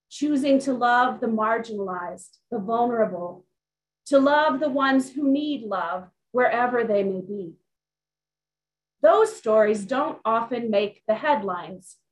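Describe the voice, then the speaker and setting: Woman pastor, unhurried sermon delivery with deliberate pauses, slightly high voice. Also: poor audio. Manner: slow, deliberate preaching with emphatic pauses.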